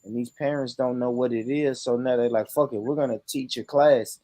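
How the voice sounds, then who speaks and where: A man's voice: medium pitch, steady tone, brisk, dark tone, dry recording. Laughing, cursing American streamer man. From United States. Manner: laughing, profane, emphatic. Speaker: streamer reacting to videos. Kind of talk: casual reaction chat.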